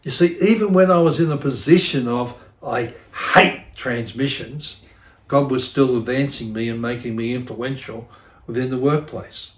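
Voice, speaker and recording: A man's voice: medium pitch, normal speed, darkish tone, a little hiss or hum. Earnest male pastor in an echoey church. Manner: earnest, repeats phrases for emphasis, self-deprecating. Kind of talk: sermon.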